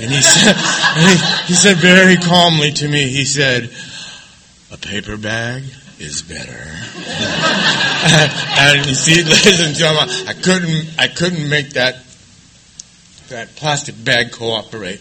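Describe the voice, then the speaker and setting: A man sharing his own story of recovery with a live audience, confessional and self-mocking, swinging between hushed, quiet passages and loud laughing ones. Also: a little high, moderate pace, background noise.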